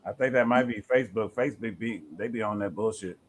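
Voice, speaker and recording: A man's voice: on the low side, fast, slight background noise. A man speaking as a guest in a casual interview, laid-back and laughing, full of slang. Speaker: guest, music publisher.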